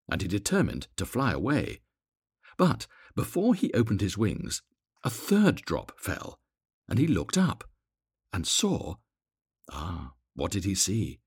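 Husky low-voiced male storyteller. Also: takes it slowly, no room sound, studio quality. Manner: expressive, gently dramatic. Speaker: narrator. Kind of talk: storybook reading aloud.

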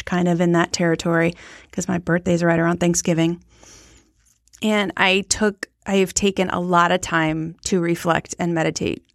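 A woman's voice: mid-range voice, no room sound. Chatty, frank woman podcast host, dry mic. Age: 40s. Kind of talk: casual solo podcast chat.

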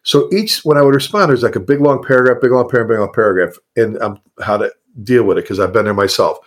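A middle-aged fire chief chats animatedly on a casual podcast, talking fast and slipping into high, mocking voices for the people he quotes.

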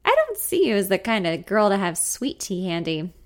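A woman's voice: medium pitch, wildly swooping pitch, normal speed. A woman voicing an easygoing, confident young man who speaks in a Southern drawl and teases playfully. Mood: teasing. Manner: chipper, teasing.

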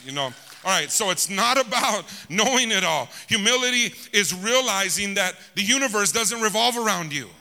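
Man, pastor, sermon, call-and-response, high-pitched, long hall reverb. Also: creaky. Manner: calls out to the congregation for amens, swings between shouting and hushed tones. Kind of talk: preaching a sermon.

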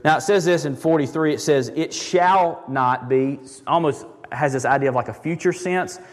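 A pastor preaching a sermon in a conversational, emphatic way, repeating words for stress. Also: male voice, on the high side, normal speed, in a large hall.

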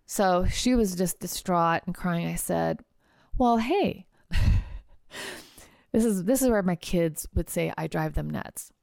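A woman hosting a podcast, telling a personal travel story in a chatty, animated way with casual fillers. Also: lowish voice, slow, creaky, no echo, studio quality. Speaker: podcast host and trial lawyer.

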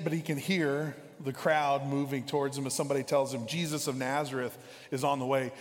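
A male pastor giving a casual, conversational sermon in a church, often repeating words while thinking aloud. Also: on the high side. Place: church sanctuary. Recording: reverberant church hall.

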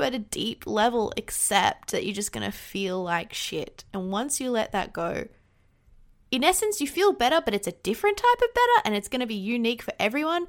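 A woman's voice: a little high, moderate pace. Candid woman coach talking to listeners. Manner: candid, animated, acts out her own inner voice. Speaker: coach, podcast host. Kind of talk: casual solo podcast talk.

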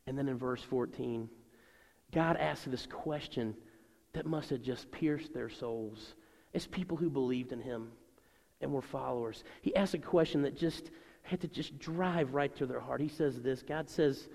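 A middle-aged male pastor preaching a sermon to his congregation in a conversational, animated way. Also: medium pitch, measured pace, gravelly. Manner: conversational and animated, voicing people in his stories. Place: church sanctuary. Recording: long reverb of a large church hall.

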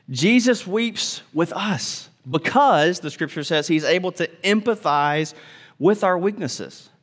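Male pastor, high voice, animated sermon delivery with acted-out quotes and hushed tender moments. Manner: animated, acts out quoted voices, drops to soft tender tones.

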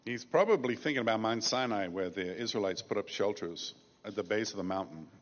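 Low-voiced male preacher in a reverberant space. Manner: measured, with emphatic slow phrases. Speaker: pastor. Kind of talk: sermon. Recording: dull lo-fi sound with long reverb.

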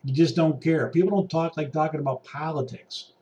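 A man's voice: a little high, steady tone, fairly quick, warm tone, dull audio. A man in an exasperated, preachy rant to camera, pacing around a room and swinging between muttering and raised outbursts. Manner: paces about while talking. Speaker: vlogger. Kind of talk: ranting monologue to camera. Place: indoor room. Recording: voice distant from the mic.

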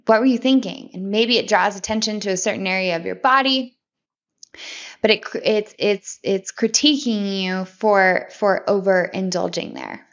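A woman's voice: medium pitch, moderate pace, fairly bright tone, dull audio. A woman hosting a podcast, giving a conversational self-help monologue and often repeating and restarting her words.

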